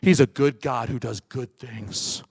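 A man preaching a sermon as pastor, firing rhetorical questions at the congregation and swinging from loud urgent peaks to soft hushed asides. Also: medium pitch, unhurried, vocal fry, husky, dry recording.

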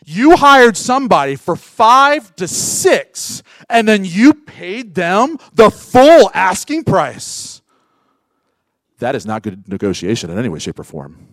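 Animated high-voiced male preacher. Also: slow, no room sound. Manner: animated, acts out voices of workers; swings from loud to hushed. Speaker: pastor. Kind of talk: sermon.

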